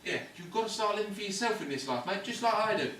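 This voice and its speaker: Playing a cynical patient who fancies himself a London ladies' man, an actor lectures scornfully in slang across a hospital ward. His voice is high-pitched, animated, a bit bright and quick-paced, in amateur stage-style film acting. Sound is echoey and distant with faint noise.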